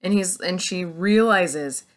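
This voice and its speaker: A woman's voice: on the low side, takes it slowly. A woman reviewing a book, recapping the plot in a gushing, casual way, full of "like". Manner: gushing, filler-heavy, full of "like".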